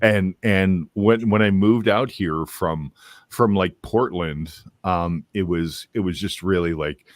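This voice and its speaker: A young man with a very deep voice talks casually, tripping over his words and doubling back as he jokes around. The sound is dry and close, with no room around it. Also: slow, no room sound. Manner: stammering, repeats words, jokey. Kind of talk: casual chat. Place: lives in the US South.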